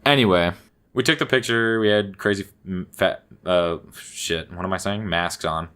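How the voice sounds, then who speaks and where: A young man with a fairly low voice rambles through a story on a casual podcast. He trails off, restarts and swears offhandedly as he goes. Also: normal speed, fairly bright tone, smooth. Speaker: podcast co-host. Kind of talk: casual chat.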